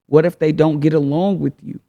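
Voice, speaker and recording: A man's voice: fairly high pitch, steady tone, a little fast, warm tone, highs cut off. A man hosting a casual advice talk, speaking frankly in slang and firing off rhetorical questions. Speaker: host.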